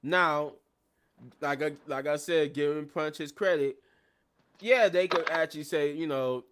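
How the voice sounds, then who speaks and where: A man casually recapping a wrestling show, excitable and rambling, often laughing at the action. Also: on the high side, a little slow. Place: at his workplace.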